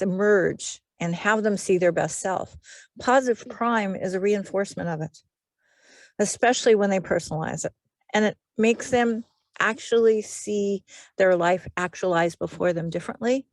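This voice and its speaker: An earnest woman hypnotherapist talks on a video call and repeats phrases as she builds her point. Her voice is at a middle pitch. The sound is dry, with no room echo. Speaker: hypnotherapist guest. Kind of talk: casual video call chat.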